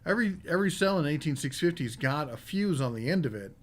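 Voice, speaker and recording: A man's voice: a little high, animated, quick pace. A man hosting a live podcast about tools, reading viewer comments aloud and answering them in a casual, rambling way. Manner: casual and rambling, with many fillers. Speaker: podcast host.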